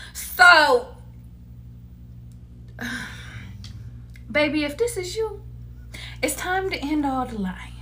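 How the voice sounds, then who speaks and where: A woman giving a casual tarot reading to her viewers, animated, laughing often and cursing freely. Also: high voice, slow pace, pauses often. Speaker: tarot reader.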